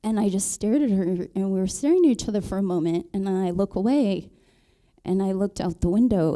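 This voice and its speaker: A married woman on a panel, telling her conversion story in a halting way, with many ums and restarts. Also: mid-range voice, mellow. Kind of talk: personal testimony in a panel talk.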